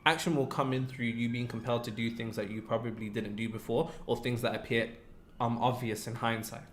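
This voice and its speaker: A young British man with a Midlands accent hosting a casual livestream Q&A, relaxed and full of banter. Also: mid-range voice, a little fast, slight background noise. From England. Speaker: livestream host.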